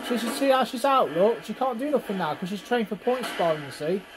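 A man reacts casually to fight clips in a talkative way, always telling the viewer to watch. His high-pitched delivery is expressive and fairly quick, captured in rough-sounding audio.

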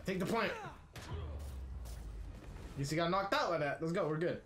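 Profane, excitable gamer man. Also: fairly high pitch, normal speed, a little hiss or hum. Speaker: gamer streamer. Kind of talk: let's play commentary. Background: game music.

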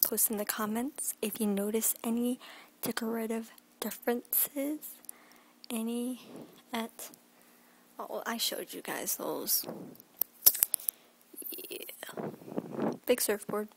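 A woman's voice: on the high side, takes it slowly, gravelly, long pauses, a little hiss or hum, poor audio. A young woman in her teens chatting in a rambling daily vlog from her bedroom, often dropping into a whisper, filmed on a phone held at arm's length. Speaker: vlogger.

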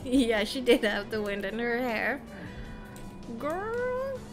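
A woman's voice: a little high, steady tone, normal speed, music in the background. A woman streaming a video game, chatting and giggling to herself and her viewers at a desk mic. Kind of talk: casual live-stream chat while playing.

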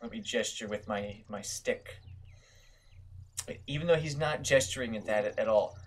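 A man's voice: lowish voice, normal speed. A young man giving casual, self-mocking gameplay commentary, swearing often. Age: young adult. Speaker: gaming video host.

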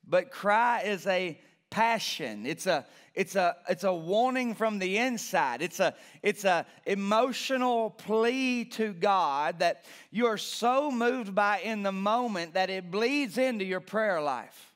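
A man's voice: high-pitched, slow, fairly bright tone. A male pastor preaching a passionate sermon in a church, repeating key phrases and building emphasis. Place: church sanctuary.

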